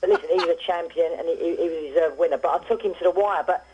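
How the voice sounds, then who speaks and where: A man's voice: a little high, racing, a little mellow, a little hiss or hum. A man, a former boxer, telling rambling stories as a phone-in guest on a radio show. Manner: rambling anecdotal storytelling with restarts. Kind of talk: casual phone interview. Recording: muffled phone line.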